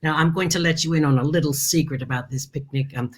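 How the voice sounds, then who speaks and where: A woman's voice: deep voice, fast talker. A woman hosting a family learning show, chatting playfully and theatrically, with frequent asides and calling viewers "darling.". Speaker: host.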